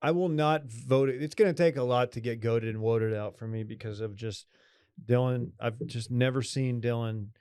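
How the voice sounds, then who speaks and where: A man co-hosting a casual podcast on a headset, wry and quick to riff. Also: medium pitch, darkish tone, clear, resonant tone, dry recording, clean studio sound. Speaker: podcast co-host.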